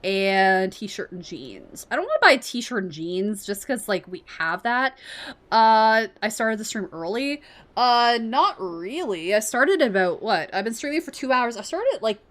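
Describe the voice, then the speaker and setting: Casual woman streamer with a lively pitch. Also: measured pace. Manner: reads game text aloud, casual swearing. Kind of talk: casual gameplay commentary.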